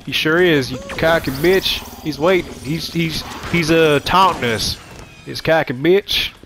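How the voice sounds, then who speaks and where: A man's voice: a little high, measured pace, background noise. A young man chatting and laughing through a team video game with friends, teasing and giggly. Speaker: gamer. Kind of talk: casual gaming chat.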